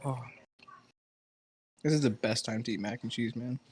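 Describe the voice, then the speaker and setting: A man playing a tabletop game with friends, talking in a laid-back, deadpan joking way. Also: medium pitch, moderate pace, a little hiss or hum. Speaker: player. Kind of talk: casual tabletop game chat.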